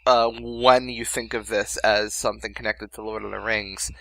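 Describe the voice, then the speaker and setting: A young man chatting on a movie commentary, halting and stammering through his points. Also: fairly low pitch, flat delivery, gravelly, fairly bright tone, no echo, low-quality recording. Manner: halting, stammers and restarts, laughs at himself. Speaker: commentary co-host. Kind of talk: casual movie commentary chat.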